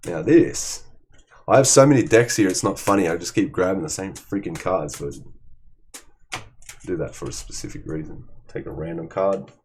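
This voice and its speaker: Speaking at a moderate pace in a low voice with a darkish tone, a male tarot reader delivers a relaxed reading full of blunt talk and free swearing. He often addresses the listener as "man," and a slight hiss or hum runs underneath.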